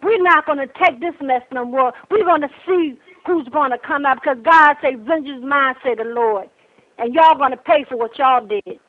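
A woman's voice: high-pitched, moderate pace, hardly any pauses. An older woman, speaking out angrily and emphatically as a grieving grandmother, repeating her points. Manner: angry, emphatic, repeats herself. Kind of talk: impassioned public complaint. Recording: tinny phone line.

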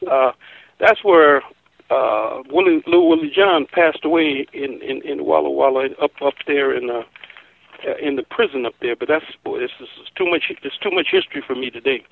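A man's voice: mid-range voice, moderate pace, gravelly, narrow, tinny audio. A man hosting a radio interview, often stumbling and repeating his words. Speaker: radio host.

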